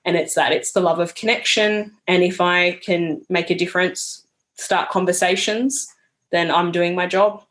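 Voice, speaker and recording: A woman's voice: lowish voice, steady tone, normal speed. Earnest woman telling a story. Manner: warm storytelling, earnest and reflective. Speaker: podcast guest. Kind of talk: casual conversational interview.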